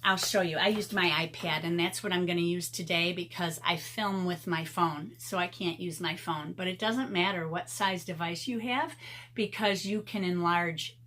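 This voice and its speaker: A woman's voice: on the low side, normal speed, fairly bright tone, slight background noise. A woman in her fifties chatting casually with viewers in an art vlog, often laughing as she tells stories. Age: 50s. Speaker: art vlogger.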